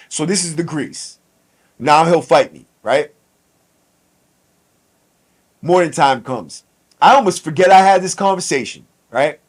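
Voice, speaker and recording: A streetwise man telling a prison story on his podcast, casual and full of swearing. His voice sits a little higher than most men's. He slips into the voices of the people he quotes as he goes. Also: breathy edge.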